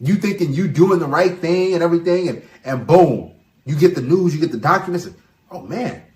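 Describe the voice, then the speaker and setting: Brief: a higher-voiced man lecturing to camera, lively and insistent, in an echoey room. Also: a little fast. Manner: emphatic, preachy advice-giving. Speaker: channel host. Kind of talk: opinion monologue to camera.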